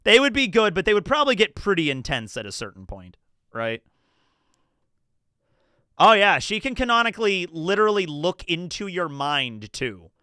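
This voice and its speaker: Lively high-voiced male streamer. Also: normal speed, clean tone, dry recording, clean studio sound. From New Jersey. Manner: chatty, laughs often, casual swearing. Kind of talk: casual livestream commentary.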